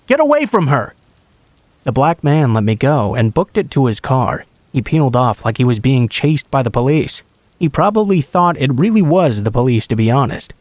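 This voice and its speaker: A man narrating a true horror story in the first person, in a measured, earnest read. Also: mid-range voice, a little mellow, dry recording.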